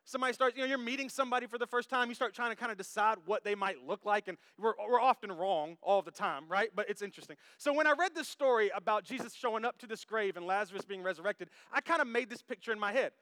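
A man preaching a sermon to his congregation, animated and jokey, who talks straight to the crowd. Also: high-pitched, fast talker, few pauses, no echo, clean studio sound. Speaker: pastor. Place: church service.

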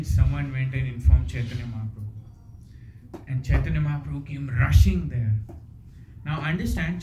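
A man's voice: mid-range voice, mellow, lo-fi sound. A man giving a devotional storytelling talk, earnest and full of rhetorical questions. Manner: earnest, fond of rhetorical questions and "you know". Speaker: devotional speaker. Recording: echoey hall with faint noise.

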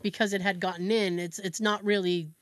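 A woman co-hosting a podcast, telling a family story in casual chat, animated and acting out her relatives' voices with frequent laughs. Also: medium pitch, fairly quick, dry recording. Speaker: podcast co-host.

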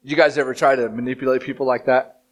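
A man in his thirties preaching a sermon as pastor, telling the story with animated, dramatic acted-out quotes. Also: mid-range voice, quick pace.

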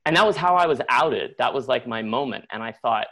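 A middle-aged man telling a personal story on live radio, conversational and animated, with many likes and acted-out quotes. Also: mid-range voice, brisk. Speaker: storyteller guest.

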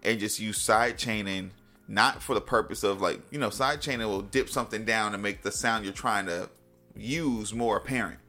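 Gravelly-voiced man telling animated stories. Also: on the low side, normal speed, faint music behind. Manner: animated, mimics people in a raised voice. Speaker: music producer, podcast guest. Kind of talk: casual interview storytelling.

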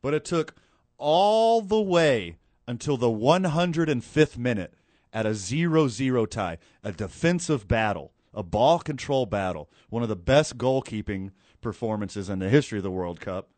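A man chatting casually about soccer, recounting the game in an animated, excitable way with quick asides. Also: mid-range voice, no room sound. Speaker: co-host. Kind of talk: casual sports chat.

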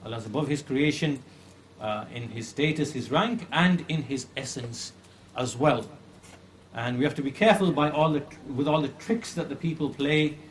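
A man teaching a lesson on religious creed, earnest and repeating phrases for emphasis, slowing down to stress key points. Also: mid-range voice, slight background noise. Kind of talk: religious lecture retelling a classical story.

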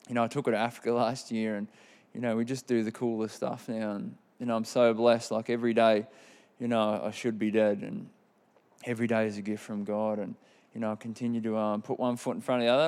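A man's voice: on the low side, darkish tone. Candid Australian man giving testimony. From Queensland, Australia. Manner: rambling, candid, many fillers. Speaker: testimony speaker. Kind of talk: personal testimony.

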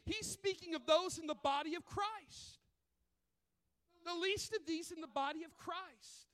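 Man, pastor, storytelling sermon, very high-pitched, animated. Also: a little slow. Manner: animated, acts out voices in stories. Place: church sanctuary.

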